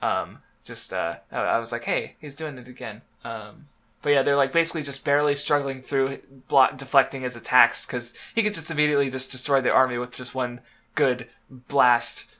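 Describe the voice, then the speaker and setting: A man's voice: medium pitch, normal speed, pushed and bright. A young man co-hosting a casual manga podcast, rambling with many fillers and restarts. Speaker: podcast co-host.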